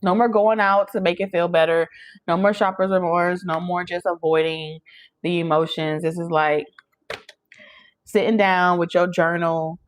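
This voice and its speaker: A woman's voice: on the low side, level tone, normal speed. A young woman giving a casual channeled tarot reading, chatty and emphatic, often checking in with "okay?". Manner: chatty, emphatic, addresses listeners directly with frequent "okay?". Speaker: tarot reader.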